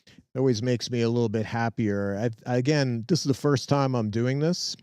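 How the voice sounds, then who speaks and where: A man's voice: medium pitch, fairly even intonation, normal speed, a little mellow, clean tone, no room sound, clean studio sound. A man hosting a casual live-stream tech demo from his home lab, chatty and upbeat as he talks to viewers while he works. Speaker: host and tech trainer.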